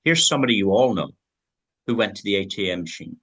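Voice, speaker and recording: A man's voice: lowish voice, animated, fast, fairly bright tone, a little hiss or hum. A man giving an online sales presentation, upbeat and persuasive, talking straight to his viewers and chuckling as he tells stories.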